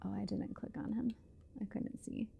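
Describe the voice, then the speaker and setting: A woman's voice: medium pitch, fairly even intonation, normal speed, gravelly, highs cut off, soft background music. A young woman streamer chatting casually and giggling as she plays a game and reacts to chat. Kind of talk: casual livestream chat while gaming.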